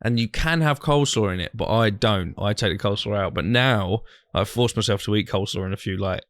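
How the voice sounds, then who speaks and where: A man's voice: lowish voice, brisk, dry recording. A young man, co-hosting a podcast and telling rambling, sweary stories in casual banter. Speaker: podcast co-host.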